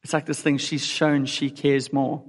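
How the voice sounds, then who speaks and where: A man's voice: medium pitch, little pitch movement, measured pace, breathy edge. A man preaching a sermon in an earnest way, putting direct questions to his listeners. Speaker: pastor. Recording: long hall reverb.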